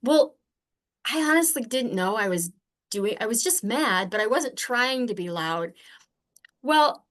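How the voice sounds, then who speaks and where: An older woman who is a podcast guest, telling earnest personal stories in a candid, animated conversational way. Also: on the high side, unhurried, long pauses. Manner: earnest, animated, acts out remembered exchanges.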